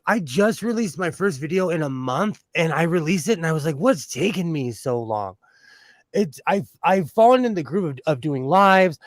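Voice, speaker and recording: Male livestream host, casual and chatty, fairly high voice, dry sound, quick to laugh. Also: no room sound. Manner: chatty, laughs often, greets viewers warmly.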